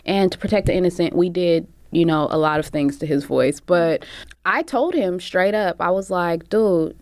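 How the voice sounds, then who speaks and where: A young woman with a lowish, dry voice tells a story in a casual, slangy way, acting out what people said. She sounds lively and close to the mic. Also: moderate pace, no echo. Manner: animated, slangy, acts out quotes. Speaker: recording artist guest.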